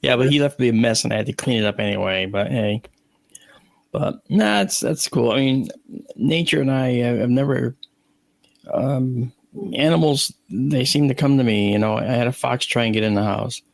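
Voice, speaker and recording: Creaky-voiced man telling animated stories. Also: medium pitch, normal speed, dry recording. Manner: animated anecdotes, acting out his own and others' lines; frequent restarts and repeated words. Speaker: guest, astronomer and video analyst. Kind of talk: casual storytelling in an interview.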